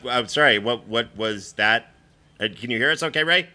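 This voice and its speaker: A man's voice: mid-range voice, moderate pace, pushed and bright. A man hosting a comedy show, rambling and flustered with many fillers. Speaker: host.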